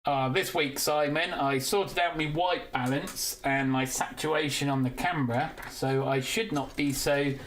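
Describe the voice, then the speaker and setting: A man's voice: on the high side, steady tone, measured pace, few pauses, a bit bright, a little hiss or hum. A British man from the UK hosting a casual live stream, chatting and giggling to viewers while he builds. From United Kingdom. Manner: chatty, giggly, talks to chat while working.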